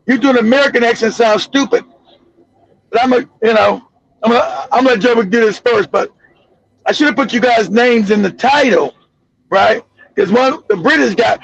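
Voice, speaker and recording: High raspy gravelly man ranting. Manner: mocking, insulting, repetitive. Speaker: show host. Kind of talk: heated casual commentary. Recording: dull lo-fi dry audio.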